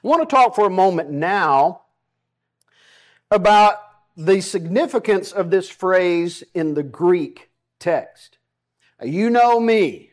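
A man with a Southern US accent preaching a sermon as pastor, folksy and emphatic, with self-deprecating asides. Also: sits high.

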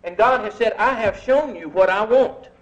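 Male preacher, high voice, measured emphatic delivery, dull lo-fi recording. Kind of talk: sermon.

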